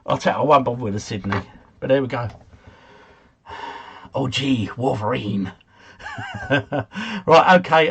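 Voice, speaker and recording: A husky-voiced man hosting a quiz livestream from home. His pitch rises and falls a lot as he chats, chuckles and replies to viewers' comments in a loose, easygoing way. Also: fairly bright tone. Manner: chatty, chuckling, answers chat comments. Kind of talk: casual livestream chat.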